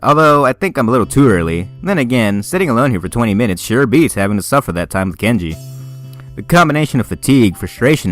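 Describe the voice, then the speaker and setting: A man reading a visual novel aloud in a casual manner, laughing at himself when he slips. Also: fairly low pitch. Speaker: game player.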